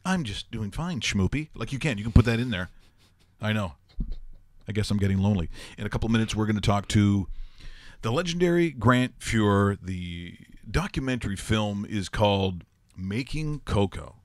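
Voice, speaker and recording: A man hosting a sports talk show, telling stories in a rambling, animated way and laughing often. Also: lowish voice, normal speed, dry recording. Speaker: host.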